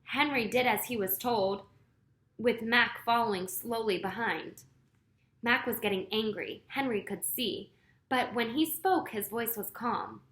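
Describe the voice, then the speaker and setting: A woman reading a children's chapter book aloud, unhurried, fixing her own slips as she goes. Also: a little high, a bit bright, roomy sound. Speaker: story reader.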